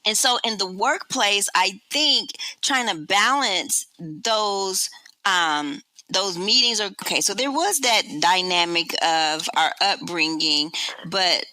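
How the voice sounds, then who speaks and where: A woman hosting a talk podcast, telling stories from her own life in a candid, chatty way. Her voice is bright and forward, recorded close and dry with little room sound. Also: mid-range voice, no room sound, low-quality recording. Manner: candid, storytelling, quick asides. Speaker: podcast host. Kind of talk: casual chat.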